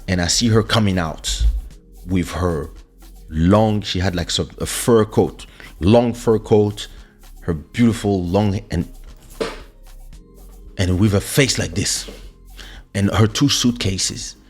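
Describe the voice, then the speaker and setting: A male show host excitedly telling a personal story into a studio microphone, repeating words and restarting as he goes. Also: sits low, slow, pauses often, breathy edge, faint music behind. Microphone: studio USB microphone.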